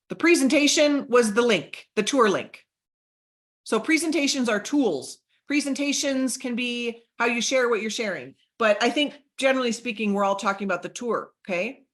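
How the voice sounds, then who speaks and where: A middle-aged woman giving an energetic sales training talk to a group, coaching them and acting out sample chats. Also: fairly high pitch.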